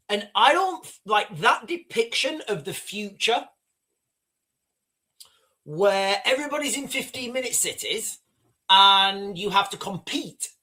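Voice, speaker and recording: Rambling man, lively pitch. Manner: rambling, conversational, addresses viewers as guys. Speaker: livestream host. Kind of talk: live-streamed commentary reading chat.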